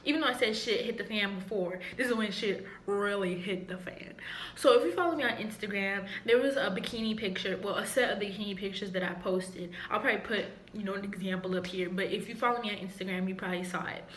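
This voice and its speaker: Young woman vlogger, mid-pitched, candid and frank, roomy echo, faint background noise. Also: fast talker, a bit bright. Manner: candid, frank, laughs often. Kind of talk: casual storytime. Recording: echoey room with faint ambience.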